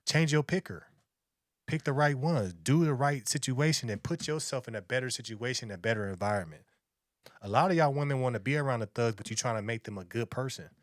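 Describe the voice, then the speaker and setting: A man's voice: mid-range voice, animated, a little fast, no room sound, studio quality. A man, lecturing and repeating himself as he reacts to a video. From Long Beach, California. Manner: lecturing, preachy, repetitive. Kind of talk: reaction commentary.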